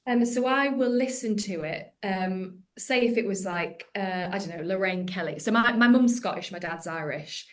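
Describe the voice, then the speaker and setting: This is a woman comedian in her thirties on a casual podcast. She is chatty and self-mocking, and her voice sits at an ordinary middle pitch. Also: normal speed, few pauses. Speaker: comedian guest.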